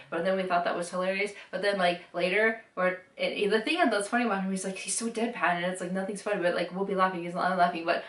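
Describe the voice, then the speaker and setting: Young woman, low-ish voice, quick rambling vlog talk, self-conscious; recorded a little off-mic in an echoey room. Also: fairly bright tone, distant mic. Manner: rambling, self-conscious, chatty with frequent fillers. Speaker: vlogger answering typing questions. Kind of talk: rambling casual monologue to camera.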